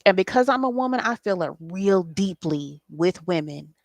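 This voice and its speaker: A woman's voice: lowish voice, expressive, moderate pace, a little mellow, no room sound. A woman, hosting a spiritual late-night talk in an impassioned, preachy way and swearing freely. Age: 40s. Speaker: spiritual host.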